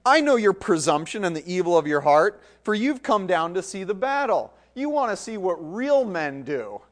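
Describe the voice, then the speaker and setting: A man's voice: high voice, very animated, moderate pace, voice pushed up. A man voicing a young man who is an angry, scornful older brother and scolds in a raised voice, during a scripture reading.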